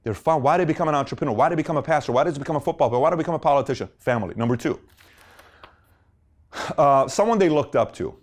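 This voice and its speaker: A middle-aged man hosting a motivational talk, animated, firing off rhetorical questions with big swings in pitch. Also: racing, few pauses. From Middle Eastern family. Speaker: host.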